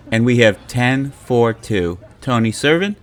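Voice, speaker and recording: Slow, easygoing male sports commentator. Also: mid-range voice, a little hiss or hum. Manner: chuckles often, relaxed joking. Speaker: pickleball commentator. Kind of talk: casual play-by-play commentary over game footage.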